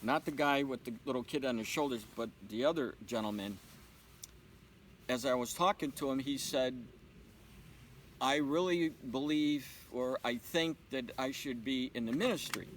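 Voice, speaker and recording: Animated male storyteller, faint hiss. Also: mid-range voice, normal speed, rough recording. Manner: animated storyteller acting out dialogue. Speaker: interview guest. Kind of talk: storytelling in a casual interview.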